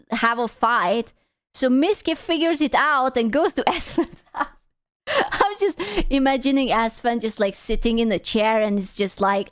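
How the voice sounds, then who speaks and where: A woman streamer giving animated, blunt reaction commentary, swearing freely. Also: a little high, clean tone, no echo. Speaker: VTuber streamer reacting to a clip.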